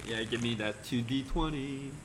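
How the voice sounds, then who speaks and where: A man's voice: mid-range voice, normal speed, heavy background noise. A man narrating as game master in a casual, rambling way, with the odd chuckle.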